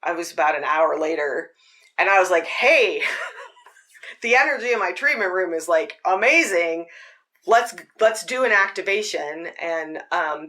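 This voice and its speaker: Woman host, bright, earnest spiritual monologue, conversational with frequent "like"s. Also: fairly low pitch. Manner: earnest, rambling, with filler "like". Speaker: podcast host.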